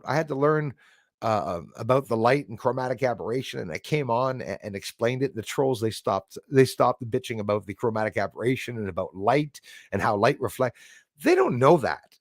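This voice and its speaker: A man's voice: medium pitch, sing-song, fairly quick, no echo, studio quality. A man hosting a live stream in a casual way. He rambles emphatically, with many fillers, and reads out chat comments.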